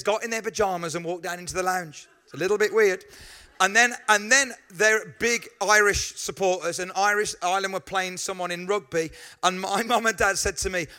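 A man preaches to his congregation, weaving in stories and quick asides. His voice sits high for a man and rings bright and forward. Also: smooth. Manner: lively storytelling with asides to the congregation. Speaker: pastor. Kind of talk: sermon.

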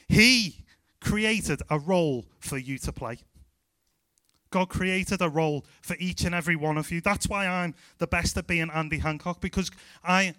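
A man with a Scouse accent preaching a lively, emphatic sermon as a pastor. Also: on the high side, clear, resonant tone, no echo. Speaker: youth pastor.

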